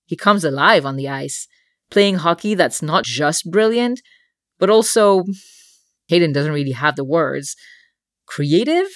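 A woman with a low voice reads a comic story aloud as an audiobook. Her delivery is wry and deadpan, and the sound is dry and close to the mic. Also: unhurried, no room sound. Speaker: narrator.

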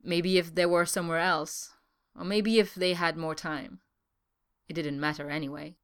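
A woman narrates a story in a smooth, resonant voice pitched a little low. Her reading is even and measured. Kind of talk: audiobook narration.

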